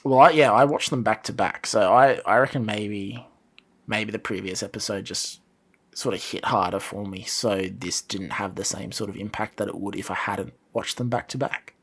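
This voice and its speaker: A man co-hosts a podcast in relaxed conversation. His voice sits a little low, and he pauses and restarts often as he looks for the right words. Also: slightly rough. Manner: hesitant, searching for words. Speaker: podcast co-host. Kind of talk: casual chat.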